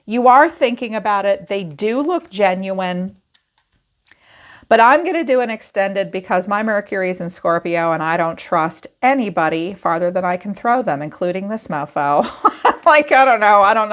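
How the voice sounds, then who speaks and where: A woman's voice: medium pitch, lively intonation, moderate pace. A woman giving a casual tarot reading to camera, chatty and frank, who swears and laughs easily. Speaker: tarot reader.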